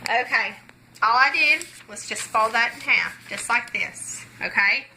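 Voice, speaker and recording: A woman's voice: on the high side, unhurried, pushed and bright, a little hiss or hum, poor audio. A woman presenting a gospel magic trick, folding paper while telling a folksy story in a chatty way, checking in with "okay" often. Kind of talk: storytelling tutorial.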